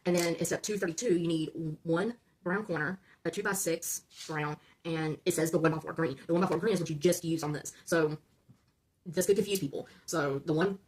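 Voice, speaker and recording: Fast-talking husky woman giving step-by-step instructions. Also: lowish voice, a little mellow. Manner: talks viewers through each step, checking in with "okay?"; chatty, stumbles over numbers and corrects herself. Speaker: LEGO build-along host.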